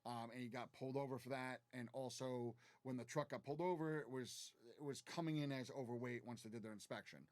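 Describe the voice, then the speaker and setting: A mid-pitched man talks quickly in casual live-stream chat, filling in the details of workplace incidents. He often chimes in on his co-host's stories. His voice sounds close and dry. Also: steady tone, a little mellow, no room sound.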